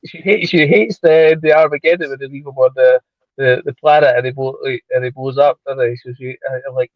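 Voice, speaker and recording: Middle-aged man, casual stream co-host, halting repetitive delivery, muffled and dry. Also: fairly high pitch, no echo. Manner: halting, many repeated words, chuckles. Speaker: livestream co-host. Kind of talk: casual chat. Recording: dull lo-fi call audio.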